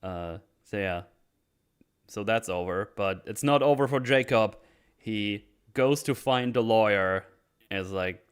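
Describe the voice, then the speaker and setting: A man from Germany chatting casually as podcast host, retelling a film plot and acting out the dialogue in quick voices with casual swearing. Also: lowish voice, smooth.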